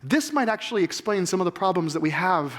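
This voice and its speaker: A man's voice: high-pitched, lively intonation, quick pace, fairly bright tone. A man in his forties preaching a sermon, emphatic and full of rhetorical questions to the congregation. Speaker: pastor.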